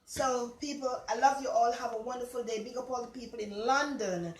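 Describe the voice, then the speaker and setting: A woman's voice: fairly high pitch, brisk. An older woman with a Jamaican accent, hosting a casual home cooking vlog in a chatty, rambling, affectionate way. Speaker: cooking show host. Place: home kitchen. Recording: echoey kitchen.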